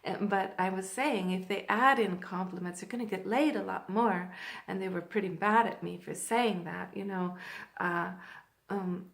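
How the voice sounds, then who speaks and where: A woman coaching men on dating in a casual advice vlog, earnest and halting, with many fillers and restarts and laughs between points. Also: mid-range voice, creaky. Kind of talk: direct-to-camera advice vlog.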